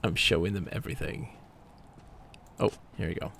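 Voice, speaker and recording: Gravelly man muttering through a game. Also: deep voice, steady tone, moderate pace, noisy background. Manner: mutters to himself, reads item text aloud. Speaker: streamer. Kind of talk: live gameplay commentary.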